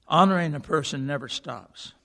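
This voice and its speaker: A male pastor giving a sermon, moving from a lively recited poem into earnest preaching in a church auditorium. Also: on the high side, moderate pace, gravelly. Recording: long reverb of a large hall.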